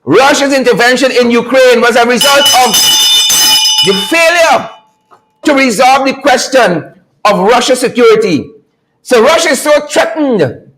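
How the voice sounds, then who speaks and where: High-voiced, fired-up male host. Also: low-quality recording. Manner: fired-up, shouts greetings, laughs often, repeats phrases. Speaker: political talk show host. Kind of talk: energetic live-stream commentary.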